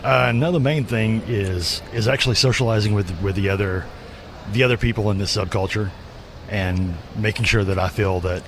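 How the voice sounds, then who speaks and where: Soft-spoken, hesitant man with a low voice. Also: normal speed, slight background noise. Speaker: cosplayer interviewee. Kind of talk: casual interview. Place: convention floor.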